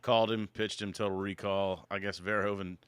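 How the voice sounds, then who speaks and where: A male podcast host talks in a loose, joking way. His voice is bright and crisp. The sound is close and dry. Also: fairly low pitch, level tone, normal speed, no echo. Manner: laid-back, loose and joking. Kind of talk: casual chat.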